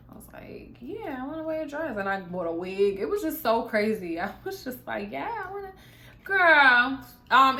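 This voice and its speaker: A woman's voice: fairly high pitch, fairly bright tone. Chatty young woman in an echoey room. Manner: candid, chatty, lots of fillers and asides. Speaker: vlogger. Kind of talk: casual chat.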